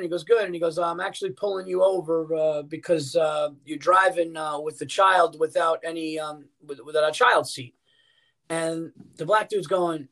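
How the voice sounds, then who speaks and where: A man's voice: on the high side, brisk. A middle-aged man, a comedian guest on a podcast, telling stories in casual chat and swearing freely. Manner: animated storyteller, swears freely.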